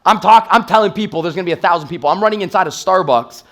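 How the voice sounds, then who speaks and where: A Toronto sales trainer in his thirties speaks rapid-fire in a high, slightly bright voice during a motivational stage talk in a live event room. His storytelling is intense and hype-driven, and he acts out the quotes he tells.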